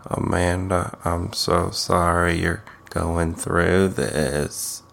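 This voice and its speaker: Man mimicking a soft pouty young guy, low and hushed, comforting tone. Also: fairly even intonation, very slow, vocal fry, full character voice.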